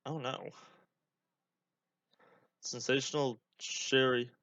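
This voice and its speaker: A man's voice: medium pitch, flat delivery, takes it slowly, a bit bright, no room sound. Young guy podcaster rambling over a match, dry dull home mic. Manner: rambling, many fillers, chatty asides. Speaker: podcast host. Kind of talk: casual watch-along commentary.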